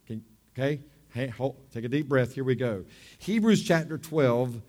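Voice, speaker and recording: A man preaching a sermon with fervent delivery, reading scripture and swinging between loud bursts and hushed asides. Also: medium pitch, normal speed. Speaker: pastor.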